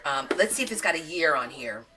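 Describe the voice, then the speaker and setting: A woman's voice: deep voice, animated, fairly quick, over music. Woman craft host, casual live show-and-tell, gushing and chatty; voice swoops up and down a lot. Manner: chatty, gushing over thrift finds.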